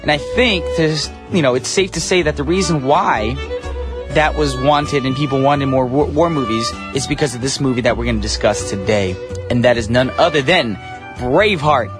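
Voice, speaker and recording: A man's voice: mid-range voice, normal speed, music in the background. A male radio DJ hosting a show from the studio in casual, upbeat, slightly goofy patter. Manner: upbeat, chatty, a little goofy. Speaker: radio DJ host.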